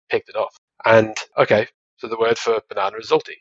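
A man, a father telling stories as a podcast guest, animated and quick to laugh. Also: lowish voice, husky, dry recording, muffled recording. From Australia. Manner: animated storytelling, laughs often, many restarts. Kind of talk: casual interview chat.

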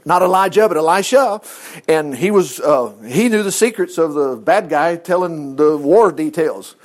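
Bible stories get a chatty, animated retelling from a high-pitched man preaching an informal sermon at moderate speed. Along the way he adds humorous asides and voices the quoted lines himself.

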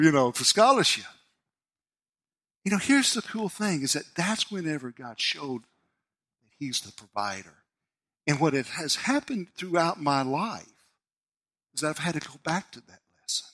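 A man, preaching a sermon as a pastor and telling a personal story with animated delivery. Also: normal speed. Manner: storytelling, animated, voice rising high when excited.

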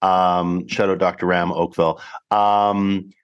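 A man's voice: low-pitched, level tone, slow, smooth, highs cut off. A man in his fifties co-hosting a podcast, chatting casually and joking playfully, with some swearing. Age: 50s. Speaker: podcast co-host. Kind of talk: casual chat.

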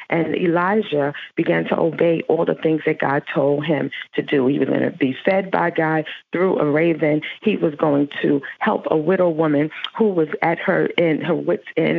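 A woman's voice: low-pitched, creaky, slightly rough. A woman giving an earnest devotional sermon, telling a story and then leading a fervent prayer. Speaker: preacher. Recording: tinny phone-like line, dry.

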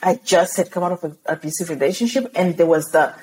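A woman's voice: fairly low pitch, quick pace, a little hiss or hum, poor audio. Zimbabwean woman telling her story animatedly. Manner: animated, laughs often while telling stories. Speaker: guest. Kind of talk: podcast interview storytelling.

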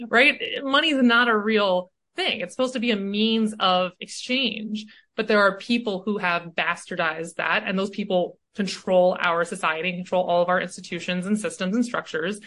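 A woman speaking as a coach and podcast guest in casual conversation. She is animated and keeps tagging her points with "right?". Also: mid-range voice. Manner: animated, often tags "right?".

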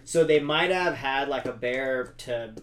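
A man's voice: mid-range voice, a little slow. A man with a Southern American accent co-hosting a casual movie review podcast, laid-back and chuckling as he retells scenes. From Georgia, USA. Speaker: podcast co-host. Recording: distant mic with faint background noise.

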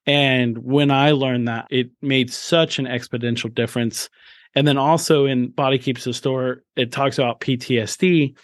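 In a studio-quality recording with no echo, a podcast host with a medium-pitched voice shares a personal story during an interview. He is earnest and open, often restarting his sentences and breaking into emphatic bursts as he speaks candidly.

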